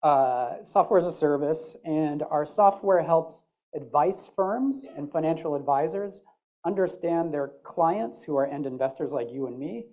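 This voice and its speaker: A woman's voice: low voice, warm tone. A woman from the American Midwest with a Midwestern accent, giving a chatty, joking conference talk on stage. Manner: chatty, joking and self-deprecating. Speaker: conference speaker.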